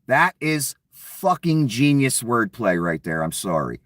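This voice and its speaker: A man's voice: medium pitch, expressive, a little slow, hardly any pauses, a bit bright, no room sound, clean studio sound, far from the mic. A man giving a casual, profane political rant, sarcastic and often acting out mocking quotes. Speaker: political commentator. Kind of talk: casual ranting commentary.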